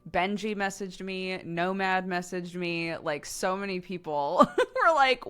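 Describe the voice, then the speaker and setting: A woman's voice: lowish voice, a little slow, clear, resonant tone. A woman, chatting casually on a live stream and telling family stories, laughing often and acting out other people's lines. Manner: animated storyteller, laughing often, acts out relatives' lines.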